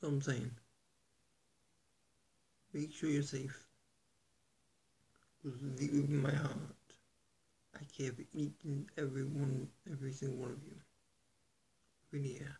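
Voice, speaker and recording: A man vlogging to his viewers in an earnest, halting, soft-spoken way, with a gravelly, husky voice. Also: medium pitch, little pitch movement, slight background noise. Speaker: YouTuber. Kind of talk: casual vlog to camera.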